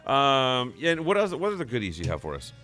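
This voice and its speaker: A man's voice: mid-range voice, huge pitch swings, brisk, sharp tone, soft background music. A man hosting a live stream in casual chat, upbeat and reading viewer messages aloud.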